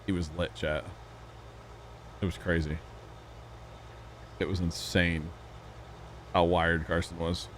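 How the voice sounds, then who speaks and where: Low-voiced rambling male streamer. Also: flat delivery, slow, pauses often, a little hiss or hum. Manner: rambling, chatty, talks to chat, laughs often. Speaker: livestream host. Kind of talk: casual chat while gaming.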